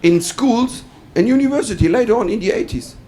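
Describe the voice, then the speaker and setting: A man's voice: extremely high pitch, fairly quick. A middle-aged man from Germany with a German accent, doing a stand-up comedy routine and telling stories while acting out the voices in them. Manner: animated storytelling, acts out quoted voices.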